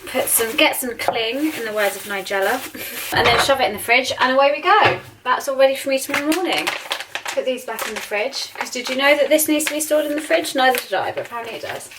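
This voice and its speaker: A woman's voice: high voice, lively intonation, fast, noisy background. Chatty young British woman vlogging. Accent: British English. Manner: chatty, rambling, lots of "like" and asides. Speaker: lifestyle vlogger. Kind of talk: casual vlog chat to camera. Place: home kitchen.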